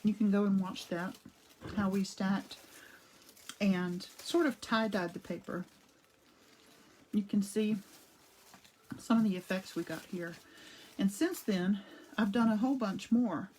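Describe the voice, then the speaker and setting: A chatty woman walks viewers through her paper craft in a relaxed live demo, her pitch sitting in the middle of the range for women. She rambles a little, restarts her sentences and greets viewers by name as she works. She talks around a cough drop. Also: measured pace, pauses often, a little hiss or hum, poor audio. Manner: rambling, with frequent restarts and asides. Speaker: art demo host. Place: home art studio.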